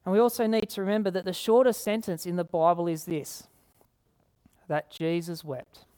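A woman preaching a sermon, earnest, repeating key phrases and slowing down to read scripture. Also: fairly low pitch, steady tone, warm tone. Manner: slows down to read scripture aloud.

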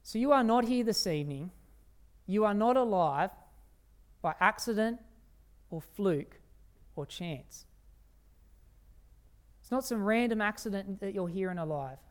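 A preacher delivering an evening sermon with a smooth, resonant voice. The delivery is emphatic, drawing out key phrases slowly and putting rhetorical questions to the listeners. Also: medium pitch, animated.

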